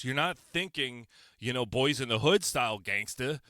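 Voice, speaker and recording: A man's voice: medium pitch, expressive, normal speed, bright, forceful tone, no room sound, studio quality. A man hosting his own opinion podcast, talking on his own into a microphone, sarcastic and firing off rhetorical questions. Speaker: podcast host. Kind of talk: solo opinion podcast monologue.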